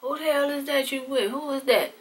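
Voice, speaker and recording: A woman's voice: sits high, steady tone, brisk, pitched above the performer's own voice, close to an everyday voice. A woman voicing her nosy, blunt father, who fires suspicious questions.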